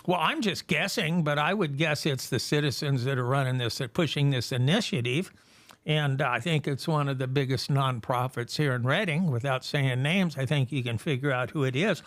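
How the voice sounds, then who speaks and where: A man hosting a political talk show, reading out figures slowly and deliberately in casual conversation. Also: medium pitch, fairly bright tone. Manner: reads figures slowly with emphasis.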